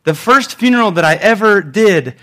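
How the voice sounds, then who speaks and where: A man's voice: high-pitched, expressive, normal speed, pushed and bright. A young man, a pastor, preaching a conversational sermon in church and telling stories with animation.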